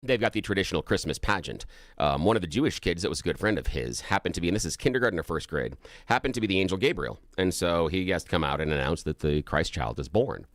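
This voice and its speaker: A man's voice: sits low, quick pace, dry recording. A man co-hosting a talk radio show, chatting casually and telling anecdotes with gusto, from a radio studio microphone. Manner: animated storyteller who laughs at his own anecdotes. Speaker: radio co-host.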